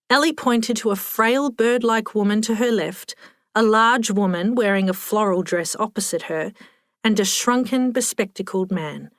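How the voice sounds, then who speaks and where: Woman, audiobook narrator, wry delivery, medium pitch, close dry studio sound. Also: moderate pace, dry recording. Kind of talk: scripted narration.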